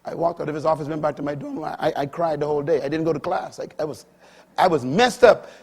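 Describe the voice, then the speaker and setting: A middle-aged man preaching a sermon, swinging between hushed asides and loud, emphatic climbs that break into shouts on key points. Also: a little high, level tone, very fast, slightly rough.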